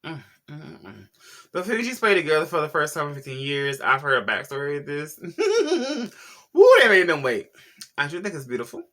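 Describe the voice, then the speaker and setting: A man's voice: fairly high pitch, very animated, fast talker, bright, forceful tone. A man hosting a casual celebrity gossip vlog, sassy and slangy, talking straight to his viewers. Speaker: YouTube pop culture host.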